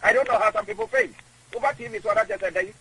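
A man's voice: extremely high pitch, big pitch swings, fast, creaky, pushed and bright, breathy edge, poor audio. A man with a Ghanaian accent, a guest in an interview, who rambles and repeats words. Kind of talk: conversational interview.

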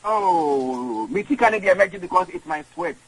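A man with a Ghanaian accent, an interview guest talking in an animated, emotional way, mixing English and Twi. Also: sits high, moderate pace, breathy edge, poor audio.

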